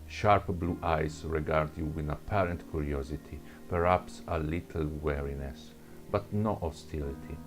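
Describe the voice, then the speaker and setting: A man with another first language reading a second-person adventure story aloud, stumbling and restarting words. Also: extremely low pitch. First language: not English. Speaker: narrator.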